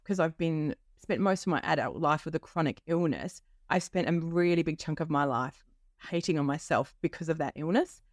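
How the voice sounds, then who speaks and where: A woman's voice: sits low, no echo, clean studio sound. A woman in her fifties hosting a solo podcast, talking candidly and chattily with many fillers. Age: 50s. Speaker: podcast host. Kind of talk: personal solo podcast reflection.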